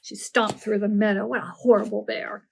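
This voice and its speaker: A woman librarian doing a storytime read-aloud for children, animated with gasps and playful asides. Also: medium pitch, moderate pace, creaky, slight background noise.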